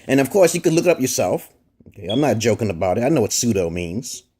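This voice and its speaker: Husky-voiced man rambling to camera. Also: medium pitch, big pitch swings, fast talker, dark tone. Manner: repeats "okay?" and restarts words often, swears freely. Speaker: vlogger. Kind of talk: rambling opinion monologue to camera.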